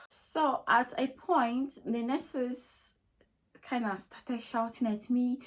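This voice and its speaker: Young Nigerian-accented woman vlogger telling a personal story with emotion and repetition, her voice a touch high. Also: slow. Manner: emotional, repetitive retelling with many "like" fillers.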